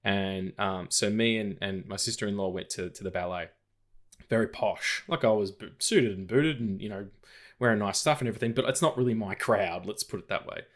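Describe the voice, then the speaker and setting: Chatting about film news on a podcast he co-hosts, this man talks briskly in a lowish voice. The conversation is casual and rambling, full of fillers, restarts and tangents.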